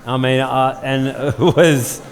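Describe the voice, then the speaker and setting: Telling a casual story at a live event, a fifty-something Australian man, there as a guest storyteller, uses plenty of fillers and restarts. He talks slowly in a gravelly, medium-pitched voice with fairly even intonation, and long hall reverb surrounds him.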